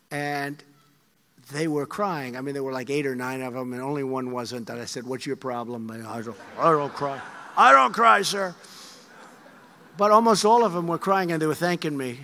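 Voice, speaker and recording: In a big hall before a crowd, a man in his 70s delivers a rally speech that wanders, hammers its points, and circles back to the same phrases. His mid-range voice is slightly bright, set against long reverb and faint crowd noise.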